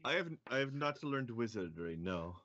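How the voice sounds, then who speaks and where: A man's voice: mid-range voice, sing-song, a bit bright, dull audio. Man doing a stiff Russian-accented adventurer. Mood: polite. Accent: put-on Russian. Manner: halting, formal speech.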